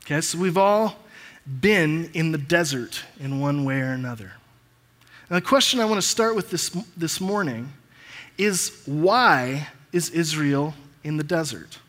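A man preaching a sermon as pastor and reading scripture aloud with pauses. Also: a little high, animated, fairly bright tone. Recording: long reverb of a large hall.

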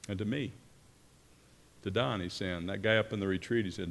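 Man, preacher, very low voice, earnest, halting delivery, frequent restarts, long church-hall reverb. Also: gravelly, a bit bright. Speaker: pastor or worship leader. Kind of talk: sermon.

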